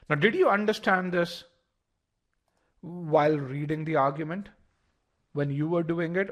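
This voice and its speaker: A medium-pitched man leads a live online test-prep class, explaining things step by step. He repeats words as he thinks and asks the audience to respond.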